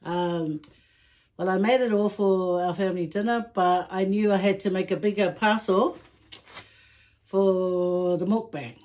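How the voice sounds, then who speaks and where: Woman host for a home food vlog; relaxed, leisurely talker, chatty with small sighs. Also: medium pitch, a little slow. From Samoa. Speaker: mukbang vlogger. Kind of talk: casual chat to camera.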